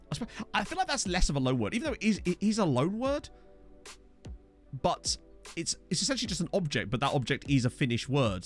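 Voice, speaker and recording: Man chatting with wildly animated pitch. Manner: rambling, riffing with chat, excitable swings. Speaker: streamer playing a football management game. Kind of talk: live-stream game commentary and chat.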